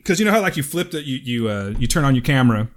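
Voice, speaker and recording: A male podcast host in relaxed banter, with a mid-pitched everyday voice. He rambles and swears freely and breaks into laughter easily. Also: very fast. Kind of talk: casual chat.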